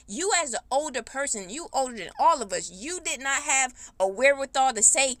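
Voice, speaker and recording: Woman, AAVE speech, bright voice, dry close sound, blunt heated storytime. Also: high voice, dry recording. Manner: blunt, animated, heated storytelling with drawn-out emphasis. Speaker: podcast host. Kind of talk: casual storytime monologue.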